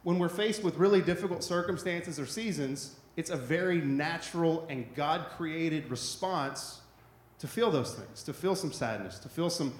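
A man's voice: fairly high pitch, normal speed, echoey room. A man preaching a sermon in a loose, conversational way, often checking in with "right?". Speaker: pastor.

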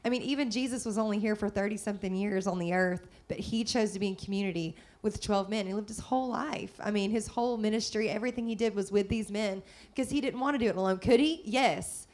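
A middle-aged woman, chatting warmly and upbeat with lots of fillers in a faith-based talk. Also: mid-range voice, quick pace, hardly any pauses. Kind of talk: casual faith-based chat.

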